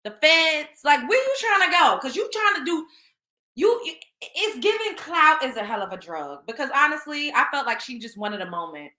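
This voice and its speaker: A woman hosting a casual commentary show, animated and slangy, laughing often. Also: sits high, moderate pace, roomy sound. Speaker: show host.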